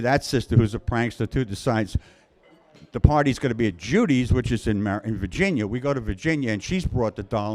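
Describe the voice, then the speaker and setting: A man's voice: on the low side, darkish tone. A man from Queens, telling a personal story live in a wry, conversational, self-mocking way. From Queens, New York.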